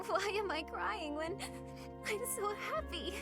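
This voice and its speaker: An actress voicing a shy young woman in a video game, speaking in a halting, bashful way. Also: extremely high pitch, expressive, full character voice. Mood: tearful joy. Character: shy young woman tearfully confessing love. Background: loud game music.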